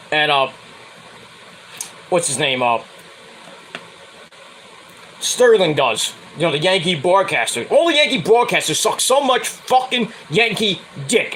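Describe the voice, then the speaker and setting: Animated, high-voiced man ranting. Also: a little hiss or hum, low-quality recording. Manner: profane, heated, rambling. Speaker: streamer hosting his own show. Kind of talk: casual sports rant.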